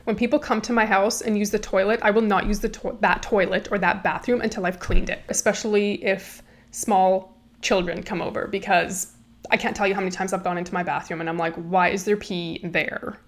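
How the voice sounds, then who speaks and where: Fast-talking woman host, chatty. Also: mid-range voice. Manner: chatty, laughs often, animated quoting. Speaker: host reacting to comedy clips. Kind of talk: casual chat.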